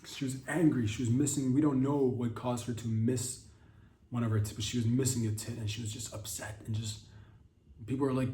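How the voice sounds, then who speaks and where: A man hosting a comedy podcast, rambling through crude, deadpan absurd stories in a casual monologue. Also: mid-range voice, moderate pace. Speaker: podcast host. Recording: roomy sound, distant from the mic, faint background hiss.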